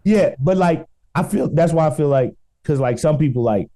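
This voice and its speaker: A man's voice: a little high, animated, moderate pace, dark tone. A man with a Chicago accent co-hosting a casual comedy podcast, telling stories in a laid-back, rambling way. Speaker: podcast co-host.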